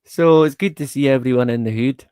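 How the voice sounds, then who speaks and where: A man's voice: medium pitch, a little fast, a little mellow, smooth, no room sound, studio quality. A man hosting a casual livestream, rambling in a laid-back way, chuckling often and swearing casually. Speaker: livestream host.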